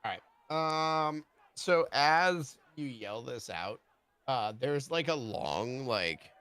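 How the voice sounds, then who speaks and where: A man narrating as game master of a tabletop role-play game, relaxed and unhurried. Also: medium pitch, clear, resonant tone.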